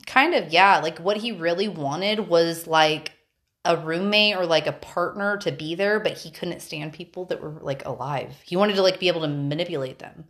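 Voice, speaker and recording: A woman's voice: on the low side, moderate pace, a bit bright. A woman hosting a podcast, a little tipsy from wine, chatting casually in a loose, giggly, swearing way. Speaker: podcast host. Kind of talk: casual chat.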